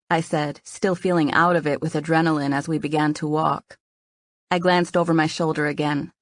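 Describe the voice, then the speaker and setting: A woman narrating a romance novel in the first person, her voice sitting low and earnest. The sound is close and completely dry, with no room around it. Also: fairly even intonation, moderate pace, no echo. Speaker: audiobook narrator.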